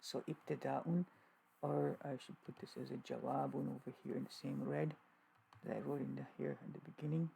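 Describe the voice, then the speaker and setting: A man teaching an informal grammar lesson, halting with fillers and restarts, repeating key terms as he goes. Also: mid-range voice, level tone, gravelly, dark tone, slight background noise, low-quality recording.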